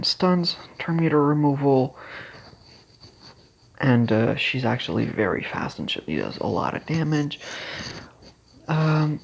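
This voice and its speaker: A casual game strategy guide creator explaining team builds haltingly, with many fillers and restarts, and clearing their throat now and then. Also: mid-range voice, slight background noise, rough recording.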